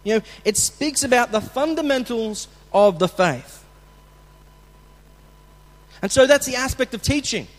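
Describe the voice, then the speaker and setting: A man preaching as a pastor, talking in a conversational way with restarts and bursts of acted shouting. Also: very high-pitched, expressive, unhurried, pauses often. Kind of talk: sermon. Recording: long hall reverb.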